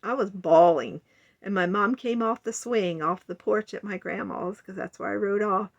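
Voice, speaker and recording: An older woman in her sixties speaks to the camera in a personal vlog, earnest and a little rambling. Her voice has a gravelly, fry-edged texture. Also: mid-range voice, normal speed, dull audio. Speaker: vlogger. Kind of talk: personal confessional monologue.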